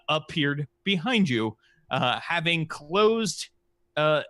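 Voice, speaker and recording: Brief: male game master, slow and halting delivery, bright tone, dry close sound. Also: a little high, no echo. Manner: halting, many "uh" fillers. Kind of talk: recapping and narrating a tabletop game.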